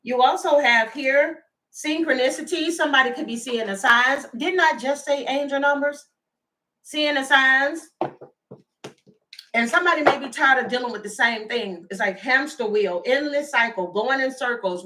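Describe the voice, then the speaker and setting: A woman's voice: high-pitched, normal speed, bright, forceful tone, slight background noise, low-quality recording. A woman doing a casual live tarot reading, chatty and laughing, talking straight to her viewers. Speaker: tarot reader.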